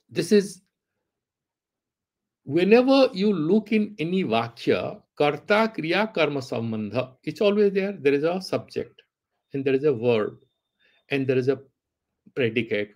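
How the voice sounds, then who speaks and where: A man's voice: medium pitch, darkish tone. A man teaching Vedanta, reciting Sanskrit verses and arguing with an imagined student through rhetorical questions. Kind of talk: philosophy lecture with Sanskrit recitation.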